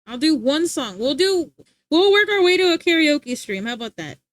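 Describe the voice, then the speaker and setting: High-voiced giggly young woman streamer. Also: very animated, normal speed, no room sound. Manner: giggly, rambling, talks to chat. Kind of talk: casual live-stream chat with viewers.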